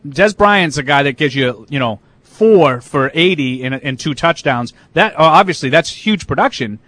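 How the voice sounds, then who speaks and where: A man's voice: on the high side, animated, normal speed, fairly bright tone, dry recording. A man co-hosting a casual sports talk show, opinionated and argumentative, with lots of fillers. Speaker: sports radio co-host.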